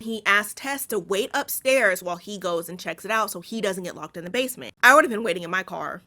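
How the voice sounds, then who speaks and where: A woman's voice: mid-range voice, brisk, few pauses, sharp tone. A woman hosting a casual movie recap, blunt and sarcastic, swearing freely as she retells the plot.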